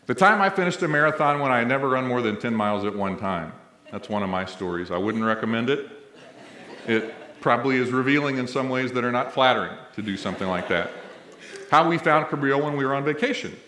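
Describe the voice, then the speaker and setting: A middle-aged college president from Missouri delivers a funny, story-packed ceremony speech in a large indoor event hall, and the recording echoes. His mid-range voice is fast, bright and forceful. He plays to the crowd like a conversational storyteller.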